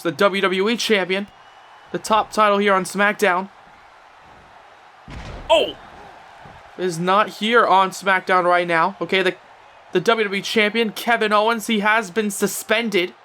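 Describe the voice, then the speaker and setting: A young man giving excitable play-by-play commentary on a wrestling video game, breaking into shouts at big moves. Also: high-pitched, a little slow, pauses often, a little hiss or hum.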